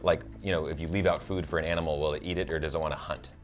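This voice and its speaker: Man, very deep voice, casual TV recap co-host, animated, fillers and restarts, faint music behind. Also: rapid-fire. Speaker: show co-host.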